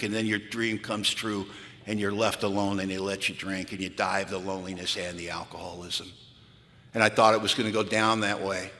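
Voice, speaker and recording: An American recovery speaker with a fairly low, sharp-toned voice gives a candid, self-mocking talk about his past, telling it dramatically to a live audience. The large hall adds reverb to the recording.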